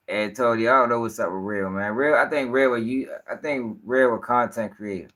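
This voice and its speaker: Bright, animated livestream commentator man. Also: mid-range voice, normal speed. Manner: profane, rambling, animated.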